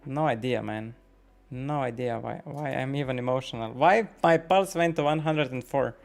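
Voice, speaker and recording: A man streaming poker, thinking out loud about each hand, swearing often and questioning his own nerves as he talks to his chat. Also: medium pitch, normal speed, creaky, faint music behind. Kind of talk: live-stream commentary while playing.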